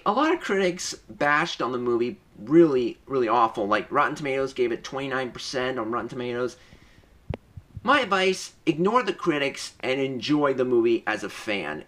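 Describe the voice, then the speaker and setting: An eager young man talks through a movie review in a casual vlog, his pitch swinging lively up and down. His voice is bright and forward, and he rambles, catching himself and restarting mid-sentence.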